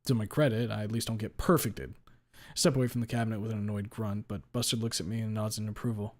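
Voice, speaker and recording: A man reading a first-person story aloud with a blunt, deadpan delivery and casual swearing. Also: on the low side, fast talker. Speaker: story reader.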